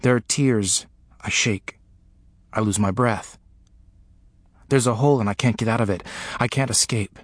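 Male narrator, lowish voice, slow grave memoir reading, dry close sound. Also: no room sound. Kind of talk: first-person memoir reading.

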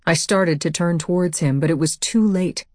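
Low-voiced woman narrating a novel. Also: moderate pace, a little mellow, no echo, clean studio sound. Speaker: audiobook narrator. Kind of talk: first-person novel narration.

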